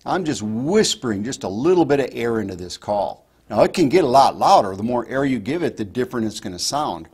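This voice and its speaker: A man teaching hunters fawn calls, explaining each step in a relaxed instructional way. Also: mid-range voice, fairly quick, few pauses, husky. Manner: explains step by step, demonstrates softly. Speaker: hunting call instructor. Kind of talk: instructional talk.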